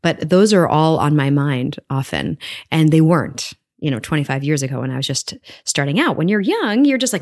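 Low-voiced reflective woman in her forties. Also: normal speed. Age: 40s. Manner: reflective, animated, many restarts. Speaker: guest, stage actress. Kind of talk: casual interview chat.

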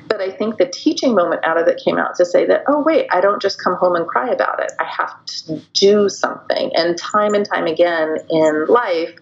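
A woman's voice: mid-range voice, dull audio. A woman guest telling personal stories candidly in an interview, reflective and stopping often to restart her thoughts.

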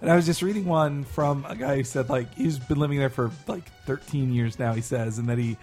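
A man chatting casually, thinking aloud in loose, rambling sentences. His voice sits at a middle pitch, with faint music in the background. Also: brisk, darkish tone. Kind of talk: casual chat.

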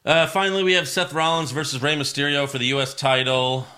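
A man's voice: on the high side, steady tone, fast talker, pushed and bright. A man hosting a casual podcast chat, with a loose, sarcastic manner and a lot of swearing. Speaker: podcast host.

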